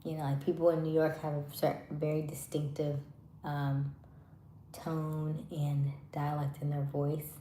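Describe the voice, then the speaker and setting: A woman hosting a live stream, chatting casually with viewers in a soft voice that trails off at the ends of words. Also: deep voice, level tone, measured pace, roomy sound, slight background noise. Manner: chatty, many fillers.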